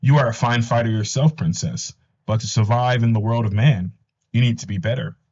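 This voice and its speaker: A man's voice: medium pitch, brisk, a little mellow, natural voice. Man reading fierce swordswoman, stern and commanding, lo-fi sound. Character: fierce proud swordswoman warrior. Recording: slightly dull lo-fi audio.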